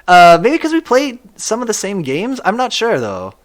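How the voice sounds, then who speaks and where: A man's voice: sits high, wildly swooping pitch, moderate pace. A young man streaming a game and chatting with his viewers, talking casually, self-deprecating and laughing often. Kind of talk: casual live-stream chat, reading chat aloud.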